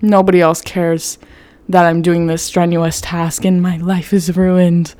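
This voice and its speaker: A young woman with a low, mellow voice talks straight into a self-help podcast. She is blunt and candid, swears freely and strings her thoughts together with "like". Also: flat delivery, unhurried. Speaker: podcast host. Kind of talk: casual self-help monologue.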